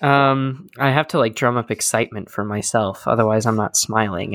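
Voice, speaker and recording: A man's voice: fairly low pitch, normal speed, hardly any pauses, fairly bright tone, no room sound, studio quality. A young man hosting a podcast in casual chat, talking loosely with many fillers and joking at himself. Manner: chatty, filler-heavy, self-deprecating. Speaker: podcast host.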